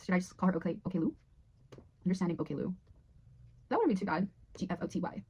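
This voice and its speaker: A young woman vlogger with a fairly low, slightly mellow voice rambles through her year in a fast, expressive, chatty way, swearing freely as she looks back on it.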